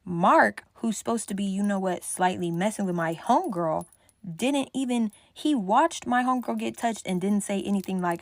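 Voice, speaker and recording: A young woman tells a chaotic party story straight to the mic, animated and loose-tongued. Her voice sits at an ordinary middle pitch and sounds dry and close, with no room around it. She acts out everyone's lines as she goes. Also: moderate pace, no echo. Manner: animated, swears freely, acts out quotes. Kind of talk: casual storytime.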